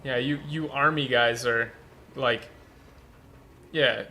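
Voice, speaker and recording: Man, game commentary, rambling, incredulous, bright tone, faint noise behind. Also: mid-range voice, a little slow, pauses often. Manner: rambling, incredulous, full of fillers. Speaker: gameplay commentator.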